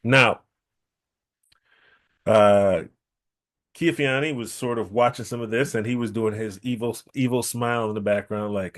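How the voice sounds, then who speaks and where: A man telling a traditional story at a temple gathering, lively, repeating key phrases for emphasis. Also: lowish voice, measured pace. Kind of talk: oral storytelling.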